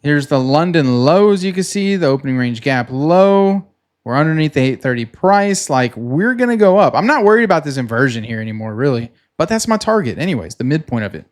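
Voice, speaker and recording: A man casually talking through his trading session on a screen share, relaxed and chatty, pointing at the chart as he explains. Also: fairly high pitch. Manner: relaxed and chatty, many "like"s, quick laughs; talks himself through the chart while pointing at it. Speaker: futures trader recapping his trading session.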